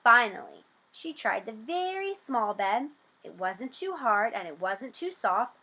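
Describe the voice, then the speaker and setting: A woman reads a children's storybook aloud, slow and sing-song. Her voice is bright and a little high, and her pitch rises and falls widely. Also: sing-song.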